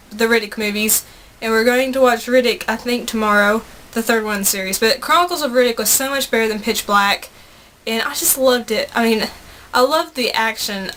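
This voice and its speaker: A woman's voice: on the high side, bright, forceful tone, slight background noise. A young woman with a Southern US accent, gushing through her monthly favorites in a chatty vlog, correcting herself as she goes. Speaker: vlogger.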